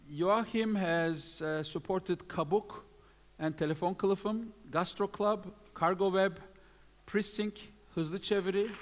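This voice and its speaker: A man presenting awards at a live event, reading out lists of names with many fillers. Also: high voice. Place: event hall. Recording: long hall reverb.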